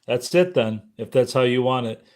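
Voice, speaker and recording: A man's voice: mid-range voice, normal speed, darkish tone, close to an everyday voice. A man reading a stern, angry father in a storybook memoir, speaking in a cold, threatening way.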